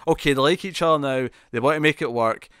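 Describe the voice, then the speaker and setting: Animated man co-hosting a TV podcast. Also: fairly high pitch, fast, smooth, no room sound, studio quality. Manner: animated, repeats words, many fillers and restarts. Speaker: podcast co-host. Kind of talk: casual chat reviewing TV episodes.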